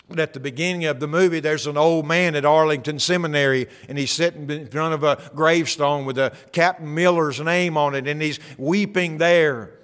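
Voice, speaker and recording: A man with a fairly high-pitched voice preaching a sermon, talking to the congregation in a conversational way and asking them rhetorical questions. His voice carries a long reverb, as in a large hall. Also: fairly bright tone. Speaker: pastor.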